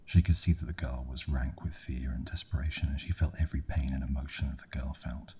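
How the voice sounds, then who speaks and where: A man whispering a bedtime horror story in a slow, hushed ASMR reading. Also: a bass voice, fairly even intonation, a little hiss or hum.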